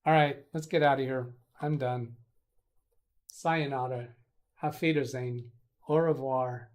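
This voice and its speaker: A man's voice: medium pitch, fairly even intonation, a little slow. Chatty man hosting a live stream. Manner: rambling, reads chat messages aloud and answers them. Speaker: host of a live tech stream. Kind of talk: casual live-stream chat.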